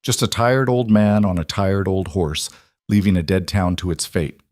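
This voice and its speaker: A man narrating a western story in a measured, grave storytelling manner. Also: deep voice, steady tone, a little mellow, no room sound, studio quality.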